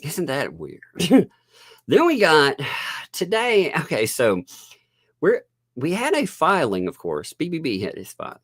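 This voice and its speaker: A sarcastic man hosting a live stream, chuckling constantly as he talks while fiddling with things on screen. His pitch swings widely and lively, and the recording sounds dry and close with no room echo. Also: a little slow, pauses often. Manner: sarcastic, laughs often. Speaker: host.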